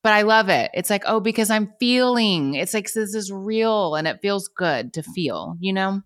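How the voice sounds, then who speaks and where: A woman's voice: medium pitch, normal speed, fairly bright tone. A woman in her forties, a podcast guest, chatting candidly and laughing often. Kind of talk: casual chat.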